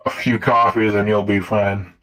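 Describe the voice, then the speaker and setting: A man's voice: fairly low pitch, flat delivery, normal speed, fairly bright tone, soft background music, poor audio. A man bantering and teasing his friends in casual voice chat role-play.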